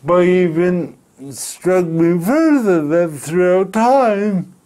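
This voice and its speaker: A middle-aged man from Canada, telling a personal story in an interview, speaking slowly and deliberately with pauses. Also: sits high, expressive, dark tone. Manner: slow, deliberate speech with pauses and restarts. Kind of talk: reflective storytelling.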